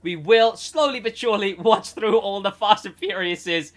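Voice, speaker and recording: A young man co-hosting a casual podcast, rambling and animated, laughing often. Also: high voice, moderate pace. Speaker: podcast co-host, gaming segment host.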